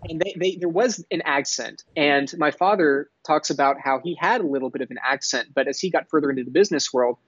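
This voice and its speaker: A man's voice: on the high side, fast talker, few pauses, a bit bright, no echo, dull audio. A young man from Texas speaking mostly neutral American English, talking as an entrepreneur guest in a podcast interview in an articulate, earnest way with some restarts. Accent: none, mostly neutral American with a faint Texas drawl at times. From Dallas, Texas.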